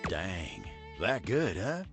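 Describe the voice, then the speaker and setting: Brief: an older folksy countryman, low and gravelly. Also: sing-song, fairly bright tone, full character voice. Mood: easygoing. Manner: slow folksy talk. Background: faint game music.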